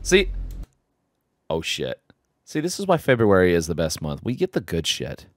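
Hyped young man reacting loudly. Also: sits low, huge pitch swings, normal speed, dry recording, clean studio sound. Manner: hyped, shouting, swearing and laughing. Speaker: reaction video host. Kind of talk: excited reaction commentary.

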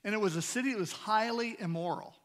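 A man's voice: high voice, quick pace, a bit bright. A man in his sixties, a guest preacher, telling a folksy, joking story in a sermon and checking in with the congregation. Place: church sanctuary. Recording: long church hall reverb.

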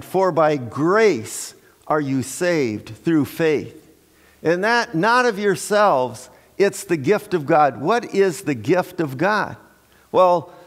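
A male pastor delivers a Sunday sermon at a very deliberate, drawn-out pace, his slightly raised voice carrying through a church sanctuary. Long reverb from the hall trails after each phrase. He keeps a homely, folksy manner, restarting sentences and tossing in light asides. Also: fairly high pitch. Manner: unhurried, folksy preaching with many restarts and fillers; joking asides to the congregation.

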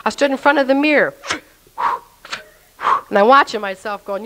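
A woman tells her personal story of faith, earnest and emotional. She talks straight to the listener with a slightly high voice. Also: normal speed, pauses often, fairly bright tone, poor audio. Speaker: testimony speaker.

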